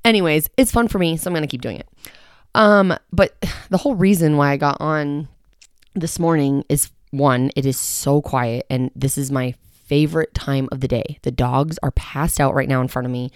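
A woman hosting a casual solo podcast from a quiet home, chatting in a rambling, self-mocking way and sounding slightly short of breath. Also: deep voice, moderate pace, clear, resonant tone, dry recording, studio quality. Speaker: podcast host. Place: quiet home in the early morning.

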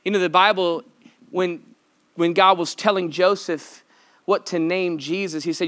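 A man's voice: high voice, fairly even intonation, unhurried, fairly bright tone. A male pastor preaching a casual, playful sermon to a congregation, talking in a conversational, emphatic way.

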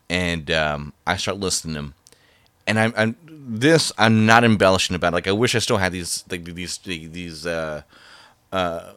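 A man telling a personal story in a casual, halting way, full of fillers and restarts. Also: low voice, pushed and bright, clean tone, dry recording.

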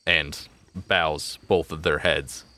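A man narrating a tabletop game as game master, chatty and quick to laugh. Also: a bass voice, fairly even intonation, sharp tone, a little hiss or hum.

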